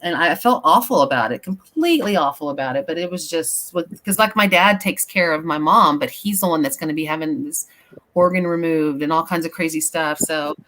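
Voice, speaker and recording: A middle-aged woman, a paranormal investigator, chatting as a guest and telling personal stories in a rambling, animated way. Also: low-pitched, fairly quick. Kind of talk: casual chat, personal storytelling.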